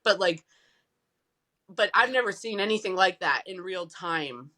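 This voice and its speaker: A woman founder of a nonprofit, telling a personal story in a casual interview, animated and acting out the voices she quotes. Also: fairly low pitch, unhurried. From United States.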